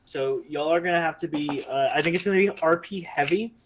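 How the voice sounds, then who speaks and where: A man's voice: a little high, brisk, background noise. A man running a tabletop game as its game master, chatting casually, swearing freely and laughing often.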